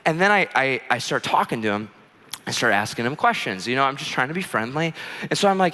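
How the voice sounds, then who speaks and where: A man preaching a sermon, telling a story in an animated, chatty way with many fillers. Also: fairly high pitch, a little fast. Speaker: pastor. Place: church auditorium. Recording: long church hall reverb.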